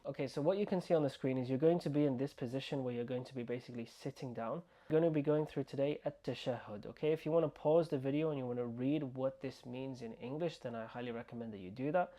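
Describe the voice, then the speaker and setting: A man teaching an online language lesson, slowly repeating words and sounds for the learner to copy. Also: mid-range voice, mellow. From United Kingdom. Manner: slow, repeating words and sounds to drill pronunciation. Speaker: Arabic teacher.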